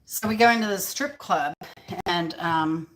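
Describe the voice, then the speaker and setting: Chatting in her kitchen, this woman hosts a cooking vlog and tells meandering stories full of filler words and frequent laughter. Her voice is lowish and a bit bright, and she takes her time.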